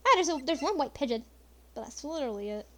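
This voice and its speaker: A woman's voice: high-pitched, animated, quick pace. Chatty woman narrating a game. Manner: chatty, rambling asides. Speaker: let's play host. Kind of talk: casual game commentary.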